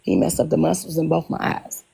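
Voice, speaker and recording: A woman telling a personal story in casual conversation, animated, often repeating herself and acting out what people said. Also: low voice, fairly quick, gravelly, slightly rough, rough recording. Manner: animated, retells dialogue in quotes, repeats herself. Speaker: guest telling her story.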